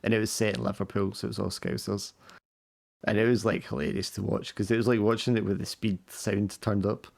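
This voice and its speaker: A British man with a low, gravelly voice talks slowly and deliberately on a voice call. He drops casual swears without fuss and takes his time getting sentences out. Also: level tone. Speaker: player in an online tabletop game group. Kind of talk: casual chat over voice chat. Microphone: voice chat mic.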